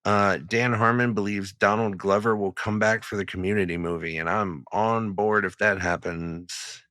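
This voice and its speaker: A man's voice: lowish voice, fairly even intonation, moderate pace, bright, forceful tone, no room sound, clean studio sound. A man co-hosting a podcast in casual chat, blunt and swearing freely. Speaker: podcast co-host.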